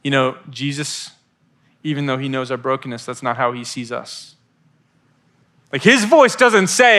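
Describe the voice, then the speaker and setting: A man in his thirties giving a youth sermon, telling stories in a lively way and acting out voices on the phone. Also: medium pitch, a little slow, pauses often. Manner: animated storytelling with acted-out phone voices. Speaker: youth pastor.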